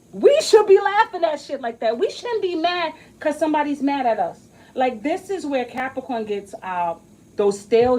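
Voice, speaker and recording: Animated, profane woman in a rambling vlog. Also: high voice, rough recording. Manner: profane, emphatic, rambling and joking. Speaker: astrology reading creator. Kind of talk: casual monologue vlog.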